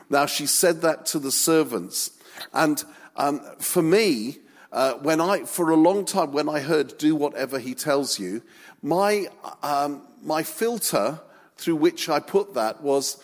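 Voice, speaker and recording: Male preacher, slow and humorous, recorded in a hall with long reverb. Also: a little high. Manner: humorous, animated storytelling. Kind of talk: sermon.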